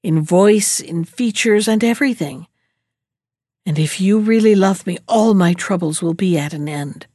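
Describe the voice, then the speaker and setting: A woman voicing a gracious, kind young princess in a storybook reading, gentle and dignified. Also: on the low side, a little slow, no room sound, clean studio sound. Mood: tender.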